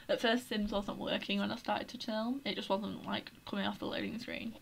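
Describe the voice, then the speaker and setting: A woman's voice: medium pitch, fairly even intonation, moderate pace, creaky, hardly any pauses. Woman, casual gameplay commentary, flustered and chatty, noisy background. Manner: chatty, flustered, talks to her game characters. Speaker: gaming YouTuber. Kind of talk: casual let's-play commentary. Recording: background noise.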